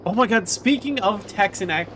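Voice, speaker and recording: A man with a high, bouncy voice chatters away to his chat while playing a game on stream. He is excitable and swears freely, with a faint hiss of noise under the mic. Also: normal speed. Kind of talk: casual live-stream chat while gaming.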